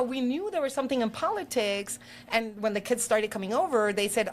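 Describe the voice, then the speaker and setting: Middle-aged woman politician chatting on a podcast, lively storyteller who does little voices for people, bit of faint hiss behind her. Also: a little high, a little fast. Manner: animated, acts out quoted voices. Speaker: guest politician. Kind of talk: casual storytelling.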